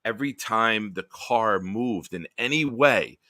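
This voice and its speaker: A man hosting a late-night live stream hangout, telling stories in a profane, animated way. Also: fairly low pitch, measured pace, no room sound, clean studio sound. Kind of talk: casual late-night storytelling.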